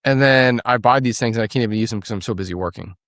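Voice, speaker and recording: A man's voice: medium pitch, fast, fairly bright tone, no room sound, clean studio sound. A man speaking as a podcast guest, explaining his work in a direct, matter-of-fact way. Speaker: podcast guest, agency founder. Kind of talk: casual interview chat.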